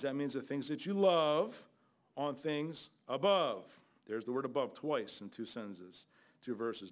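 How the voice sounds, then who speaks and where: An older man preaching a fiery Bible sermon as a guest preacher, scolding loudly and then dropping to low asides. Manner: loud, scolding, shifts between shouting and low asides.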